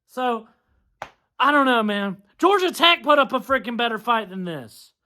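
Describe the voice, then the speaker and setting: A man's voice: extremely high pitch, very animated, normal speed, sharp tone. Exasperated young man ranting about football. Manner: exasperated, ranting, swears often. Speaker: sports vlogger. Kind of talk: venting halftime rant.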